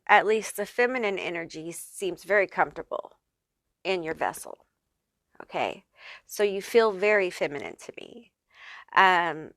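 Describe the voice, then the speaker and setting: Her voice sits on the low side, sharp yet smooth, captured cleanly in the studio with no room sound. As a tarot reader doing a casual pick-a-card session, she's talkative, reassuring and affirming, swears a lot, and repeatedly checks in with "okay?" and "honey."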